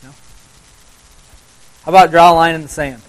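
A man with a slightly high voice giving a motivational Bible talk to a live group. He speaks conversationally, throws questions at his listeners and drives points home by repeating phrases. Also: flat delivery, normal speed, rough recording. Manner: conversational, asks the audience questions.

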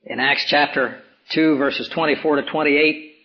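A man preaching a sermon as pastor, hoarse from swollen tonsils, with emphatic rises and slow, dramatic drops. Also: fairly high pitch, steady tone, soft background music. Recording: dull lo-fi recording.

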